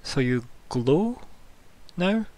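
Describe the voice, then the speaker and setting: A man's voice: a little high, very animated, very slow, a little mellow, pitched above the performer's own voice, heavily acted. A man voicing a poised young noblewoman who speaks in a dry, matter-of-fact way in a tabletop game. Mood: cool.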